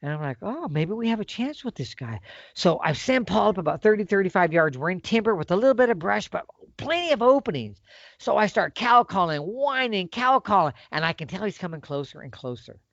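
A man's voice: high-pitched, brisk, gravelly, no room sound. A middle-aged man telling a hunting story in a casual, folksy way. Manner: animated, folksy storyteller with lively swings. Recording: dull, lo-fi dry sound.

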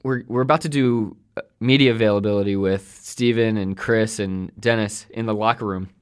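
A man with a somewhat low voice co-hosts a team basketball podcast. He tells behind-the-scenes stories in an easy, relaxed way. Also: moderate pace, clean tone. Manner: relaxed storyteller, recounting behind-the-scenes moments. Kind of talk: casual sports chat.

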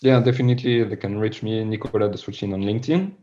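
Casting: French-accented man, podcast guest, low and mellow, earnest, dull lo-fi audio. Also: quick pace. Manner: earnest, repeats words when explaining. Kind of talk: podcast interview.

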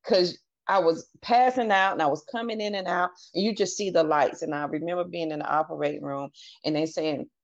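Podcast guest: woman with a lowish voice, candid and earnest, recounting her story on a dull lo-fi recording. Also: fairly quick. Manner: earnest, candid, retells dialogue in her own voice. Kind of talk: personal storytelling interview. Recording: dull lo-fi audio.

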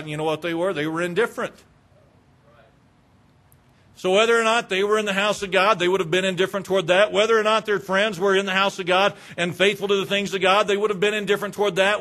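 A man's voice: high-pitched, fast talker, pushed and bright. A man, a pastor, preaching a sermon in a conversational way, asking rhetorical questions and mimicking indifferent churchgoers.

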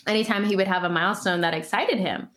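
Animated, laughing woman telling stories. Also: medium pitch, fast. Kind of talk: casual chat.

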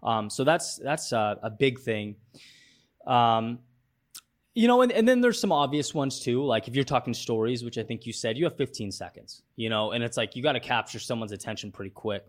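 A man's voice: mid-range voice, sing-song, moderate pace. A man speaking as a podcast guest, thoughtful and full of fillers and restarts. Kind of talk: casual interview talk.

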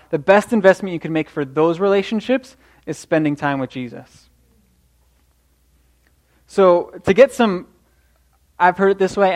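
A young man preaching a sermon in an earnest, encouraging way, often restarting his sentences. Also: fairly high pitch. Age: young adult.

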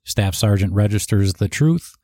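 Deep-voiced man reading tributes aloud. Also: lively intonation, moderate pace, dark tone, dry recording, studio quality. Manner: reads aloud, with asides and restarts. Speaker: eulogy reader.

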